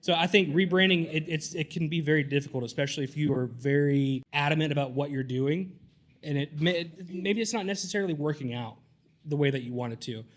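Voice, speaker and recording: A man's voice: a little high, a little fast. Southern-raised man, panelist, loose rambling answer. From southern United States. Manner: rambling, repeats words at starts.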